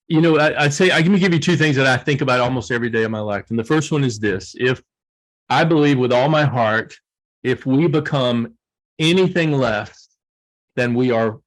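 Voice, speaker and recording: A man's voice: mid-range voice, moderate pace, poor audio. A man speaking as an interview guest, earnest and emotional, repeating his key points. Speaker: guest author. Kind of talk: heartfelt interview answers.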